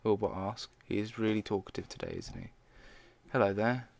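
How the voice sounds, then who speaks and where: A man's voice: fairly low pitch, huge pitch swings, fast, vocal fry, darkish tone. A man casually reading fan fiction aloud, stumbling now and then and dropping in his own side comments.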